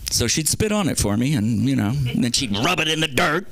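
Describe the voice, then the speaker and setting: A man's voice: medium pitch, animated, brisk, fairly bright tone. A man doing rambling, crude stand-up at an open mic, acting out bits of his stories. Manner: rambling, crude, act-outs with big voices. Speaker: stand-up comedian.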